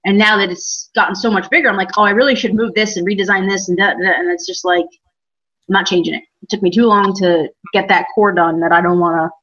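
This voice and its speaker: Hesitant speaker, bright tense voice, lo-fi sound, casual chat. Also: mid-range voice, steady tone, brisk. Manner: hesitant, restarts phrases. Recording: dull lo-fi sound.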